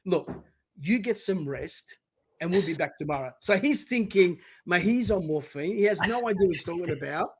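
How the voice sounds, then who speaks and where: A middle-aged man telling his personal story as a podcast guest, emphatic and animated, often quoting his own words. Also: high voice, moderate pace, breathy edge.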